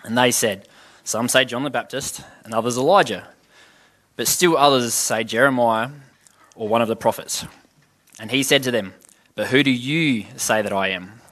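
Man giving a relaxed Bible teaching. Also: mid-range voice, moderate pace. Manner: reads scripture aloud and explains it conversationally; asks the listeners questions.

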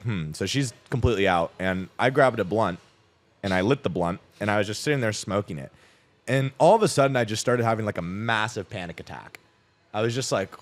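A man in his twenties, speaking at a fairly low pitch, shares a personal story as a podcast guest. He rambles loosely, dropping "like" constantly and swearing casually.

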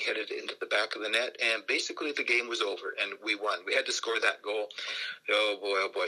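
An older man from Canada, a radio interview guest who tells lively stories and acts out the voices in them. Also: fairly low pitch, husky, low-quality recording. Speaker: guest, fan group founder.

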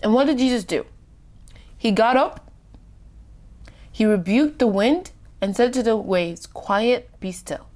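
A woman giving an informal Bible reflection. She talks casually with many fillers, acts out the scenes, and often drops to a hushed voice. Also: fairly high pitch, a little slow, long pauses. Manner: expressive, acts out the scripture scenes. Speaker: devotional podcast host.

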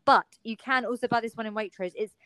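A woman's voice: on the high side, quick pace, bright, forceful tone, no room sound, rough recording. A woman co-hosting a podcast over a video call, chatty and teasing in casual chat. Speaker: podcast co-host.

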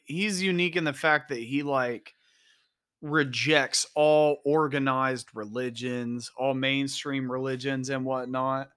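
A man's voice: mid-range voice, bright, forceful tone, smooth, no room sound, clean studio sound. A young man co-hosting a casual podcast, talking loosely with swearing and lots of "like" and "whatnot". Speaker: podcast co-host.

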